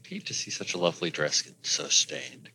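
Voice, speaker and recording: Male player, low and bright, dry delivery. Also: big pitch swings, brisk, vocal fry, a little hiss or hum, poor audio. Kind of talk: tabletop game play.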